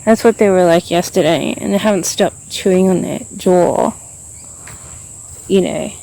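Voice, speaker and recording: Aussie woman ranting on a walk outside, mellow dark voice, rambly. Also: on the low side, measured pace, vocal fry. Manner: rambling, frustrated, many fillers. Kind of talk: venting vlog monologue. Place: outdoors, walking around.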